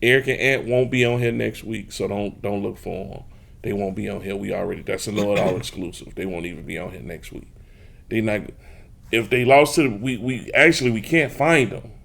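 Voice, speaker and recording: A man's voice: lowish voice, fairly quick, creaky, fairly bright tone. A man from hosting a sports talk show, teasing rival fans in a boastful, casual way and speaking straight to his listeners. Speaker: podcast host. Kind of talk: trash-talking casual sports chat.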